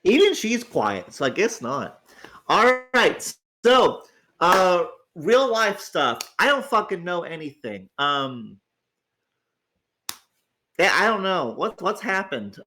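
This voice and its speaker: A man's voice: high-pitched, very animated, takes it slowly, pushed and bright. A tired, groggy man hosting a casual livestream, rambling, stammering on restarts and swearing freely. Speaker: host.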